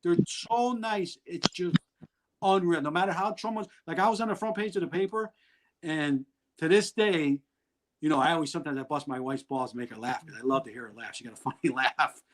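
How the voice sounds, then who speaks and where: Speaking a little fast in a slightly high voice, this middle-aged man is a guest on a video-call interview, heard through a low-quality recording. His storytelling is candid, rambling, and blunt, with laughter running through it.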